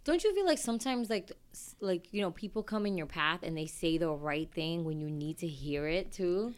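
A woman's voice: lowish voice, expressive, moderate pace, clean tone. Woman rambling in casual chat. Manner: rambling, heavy use of "like". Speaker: podcast co-host.

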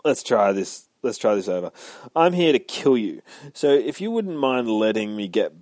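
A man's voice: medium pitch, big pitch swings, normal speed, a little mellow, no echo, close to an everyday voice. Blunt male hitman voiced by a man, curt, businesslike, dry sound. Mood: impatient.

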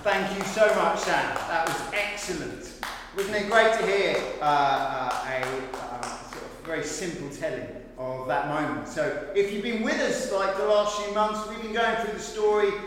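A man's voice: sits high, normal speed. A man leading a church service, chatty and joking with lots of fillers. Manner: informal and joking, with many fillers. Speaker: church leader. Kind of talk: casual sermon talk. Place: large church hall. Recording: echoey hall, distant mic, background noise.

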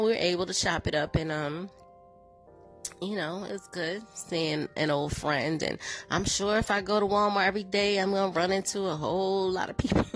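A woman, chatting to her viewers and telling stories with laughs. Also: medium pitch. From American South. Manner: chatty storytelling with laughs, acts out quotes. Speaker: vlogger. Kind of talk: casual chat to viewers.

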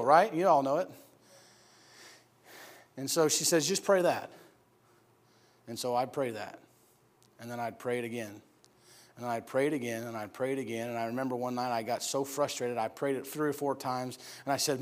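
A middle-aged man from upstate New York preaching and telling personal stories, acting out the voices in them with loud shouts and dropping to a soft low tone for serious moments. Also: normal speed, long pauses. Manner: animated, acts out voices of people in his story with loud high shouts. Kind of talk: sermon storytelling.

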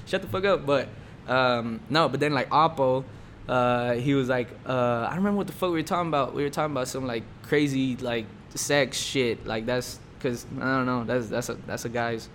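A man's voice: medium pitch, fairly even intonation, normal speed, fairly bright tone, a little hiss or hum. A young man casually telling a long, profanity-laced story, full of fillers and acted-out dialogue. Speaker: storyteller explaining his rap name.

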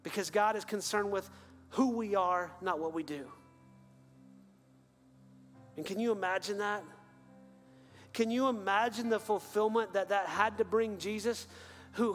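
A man preaching an earnest sermon as pastor, then leading a quiet prayer. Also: sits high. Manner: earnest, building to fervent then hushed prayer. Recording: long hall reverb with faint music.

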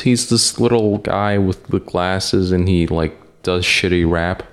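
A man's voice: deep voice, steady tone, unhurried. A man hosting a podcast in casual chat, rambling and hesitant with lots of fillers and casual swearing. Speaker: podcast host.

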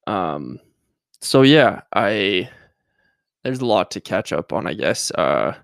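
A man's voice: fairly low pitch, big pitch swings, slow pace, gravelly, dry recording. A young man hosting a casual solo podcast, rambling and hesitant with lots of fillers and self-mocking jokes, a little nervous. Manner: self-mocking jokey asides. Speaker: podcast host.

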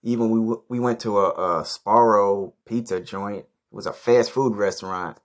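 A man's voice: on the low side, moderate pace. A man hosting a podcast, telling a rambling story in a blunt, profane, casual way. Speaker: podcast host.

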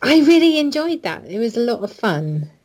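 A woman's voice: a little high, sing-song, moderate pace, a little mellow, slight background noise. Teasing, playful female co-host. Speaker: podcast co-host. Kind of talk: casual chat.

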